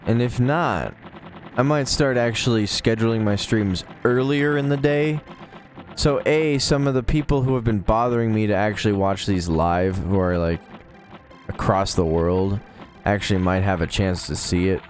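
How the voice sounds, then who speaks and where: A man's voice: fairly low pitch, fairly even intonation, moderate pace, faint music behind. A young man rambling casually on a live game stream, laid-back and swearing now and then.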